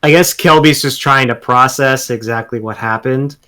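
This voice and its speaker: A man's voice: medium pitch, pushed and bright. Hesitant man playing a tabletop game. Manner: hesitant, halting, with many fillers. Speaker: tabletop player.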